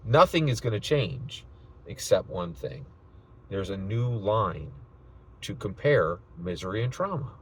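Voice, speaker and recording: A man mimicking a flat dismissive female politician. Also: lowish voice, a little slow, slightly rough, voice pushed down, heavily acted.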